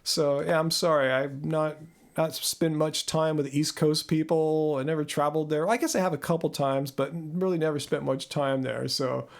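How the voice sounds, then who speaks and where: A talkative man from Southern California hosts a live Q&A stream. His voice sits a little higher than most men's and carries a gravelly edge. He laughs easily and trips over his own restarts as he answers viewers. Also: steady tone, normal speed. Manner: chatty, laughs often, repeats words as he restarts. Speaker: host. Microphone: own microphone.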